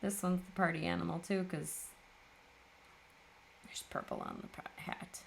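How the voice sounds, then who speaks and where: Woman, low gravelly voice, casual crafting chat, self-mocking, tired. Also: fairly even intonation, measured pace, a little hiss or hum. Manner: chatty, self-mocking, laughs often. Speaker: papercraft video host.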